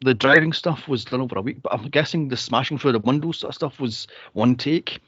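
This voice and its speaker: A man hosting a movie podcast in casual chat, animated and laughing often as he acts out quotes. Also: medium pitch, a little fast, breathy edge, dry recording, lo-fi sound. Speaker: podcast host.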